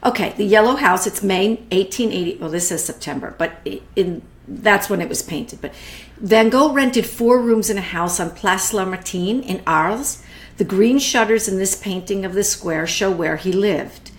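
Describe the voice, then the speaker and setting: Speaking at a normal pace in a mid-range voice, a middle-aged woman chats warmly through a live online art class. She greets her viewers by name and keeps restarting sentences in this relaxed live-streamed art talk.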